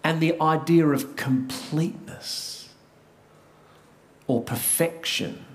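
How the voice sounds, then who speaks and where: A man's voice: fairly high pitch, fairly even intonation, takes it slowly, slight background noise. A man with an Australian accent preaching a sermon, telling a story earnestly and sometimes restarting his words. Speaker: pastor.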